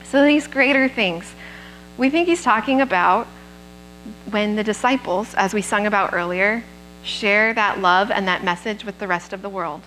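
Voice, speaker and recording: A woman's voice: mid-range voice, normal speed, a bit bright, poor audio. A woman gives a sermon at a church service, talking into a microphone. Her voice sits in a middle range, and she keeps it plain and conversational. She often stops to check in with the people listening. A faint hum runs underneath. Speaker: preacher.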